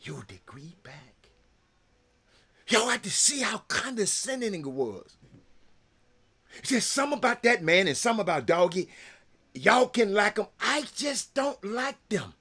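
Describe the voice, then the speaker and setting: A man's voice: sits high, sing-song, moderate pace, sharp tone. A man, hosting a casual talk show and rambling to his viewers with lots of repeated words. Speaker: sports talk show host.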